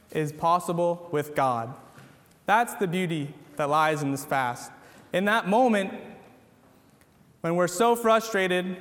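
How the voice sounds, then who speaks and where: A man delivers an earnest church sermon in a noticeably high voice. He drives his points home with short, repeated phrases. The sound carries a long reverb from a large hall. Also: a bit bright. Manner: earnest, repetitive exhortation. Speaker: preacher.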